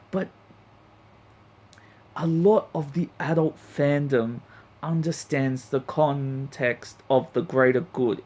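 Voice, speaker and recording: A man reviewing an anime episode in a blunt, profane, heated rant. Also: fairly high pitch. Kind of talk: ranting review vlog.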